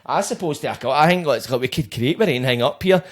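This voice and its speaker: A man's voice: on the high side, fast. A Scottish man hosting a podcast in casual chat, agreeable and saying aye and mate a lot. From Scotland. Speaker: podcast host.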